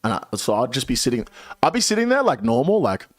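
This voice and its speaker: A man in his late twenties, a streamer telling a story to his chat in a casual, animated way, swearing often. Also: mid-range voice, quick pace. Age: 20s. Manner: animated, swearing a lot, dramatic retelling.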